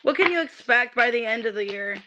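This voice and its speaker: A woman's voice: fairly high pitch, expressive, brisk, noisy background. A woman reading tarot cards on a livestream, ranting in irritation, swearing and stammering on restarts. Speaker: tarot reader.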